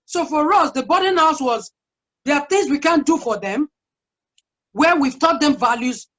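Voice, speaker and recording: A woman's voice: sits high, animated, moderate pace, fairly bright tone. A woman guest speaker giving an earnest, chatty parenting talk full of personal stories. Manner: earnest, chatty, sharing anecdotes. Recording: dull lo-fi sound.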